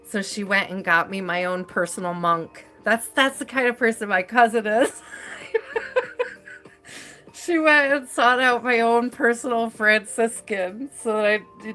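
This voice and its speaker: Woman chatting on her live stream, slow and effusive, bright voice, lots of likes and ums, faint music behind. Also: on the low side. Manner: chatty and effusive, laughs often, many fillers. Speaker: tarot reader, live stream host. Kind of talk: casual live-stream chat.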